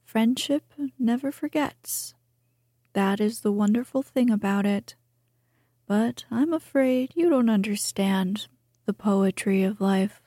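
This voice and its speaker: Woman as a preachy smug miller, whispered role-play, breathy, mellow, unhurried. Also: mid-range voice, no echo, studio quality.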